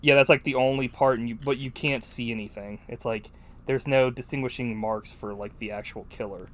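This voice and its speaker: A man rambles casually through a film discussion on a podcast, stacking up fillers and swearing freely. His voice sits at an ordinary middle pitch. A faint hiss runs under the recording. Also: steady tone, brisk. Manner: rambling, profane, full of "like". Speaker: podcast co-host.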